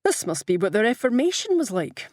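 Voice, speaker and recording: A gentle husband with a soft, wry way of talking, as a woman reads him. His voice is husky and low-set, recorded dry and close for a storybook. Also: fairly even intonation, normal speed, dry recording, lightly acted. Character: gentle husband, cheerful and caring man.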